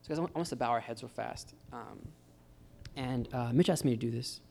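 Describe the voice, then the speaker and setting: A man's voice: mid-range voice, a little fast, vocal fry, mellow, slight background noise. A man preaching a casual, encouraging sermon at a church gathering. He speaks informally and keeps calling his listeners "guys.". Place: church gathering with live guitar. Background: faint guitar.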